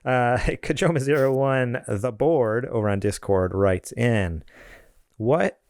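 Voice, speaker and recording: A man co-hosting a casual gaming podcast, reading sponsor shout-outs and listener mail. He laughs easily and rambles, with fillers and self-corrections. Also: medium pitch, slow pace, no room sound, clean studio sound.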